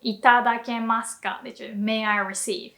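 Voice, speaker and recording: A young woman teaching a language lesson online. She explains in a lively way and laughs lightly now and then. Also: a little high, quick pace, gravelly.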